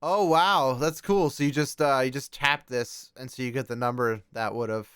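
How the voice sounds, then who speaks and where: Excitable man with a smooth, dry voice. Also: medium pitch, normal speed, dry recording. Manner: excitable, reads posts aloud and exclaims often. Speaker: podcast co-host. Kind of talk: casual chat reacting to posts.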